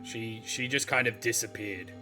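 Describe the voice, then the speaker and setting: A man's voice: lowish voice, moderate pace. An Australian man running a tabletop game as dungeon master, narrating loosely with lots of ums. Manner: relaxed, filler-heavy narration with drawled voicing of NPCs. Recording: faint background music.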